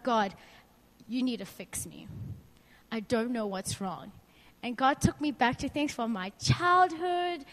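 A woman's voice: high voice, in a large hall. A young woman giving an informal faith talk to a group, chatty and candid, asking the room questions and sharing personal stories. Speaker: youth speaker.

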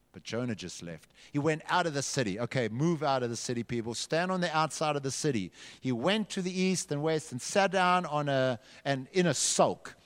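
Directing children to perform the scenes, a man tells a Bible story with flair to his church group in a big hall, where the recording carries long reverb. He speaks expressively at normal speed with few pauses, his voice leaning high.

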